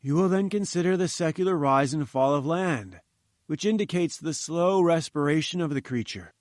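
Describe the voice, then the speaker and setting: A man's voice: fairly high pitch, lively intonation, normal speed, darkish tone, no room sound, clean studio sound, pitched above the performer's own voice, natural voice. A man reading an audiobook, voicing a pompous older professor who talks down to his listener. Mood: patronizing. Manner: condescending, lecturing.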